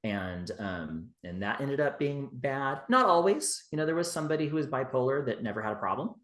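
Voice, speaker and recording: A man speaking as a podcast guest in relaxed, rambling conversation, full of "you know" fillers. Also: medium pitch, fairly quick. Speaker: guest, witchcraft teacher. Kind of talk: casual interview talk. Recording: roomy echo.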